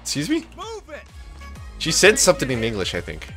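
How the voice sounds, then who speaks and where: A man's voice: medium pitch, wildly swooping pitch, normal speed, fairly bright tone. A young man streaming a video game, joking and swearing as he riffs on it, with game music behind him. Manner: joking, swearing, riffing on the game in silly quoted voices. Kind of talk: gameplay commentary.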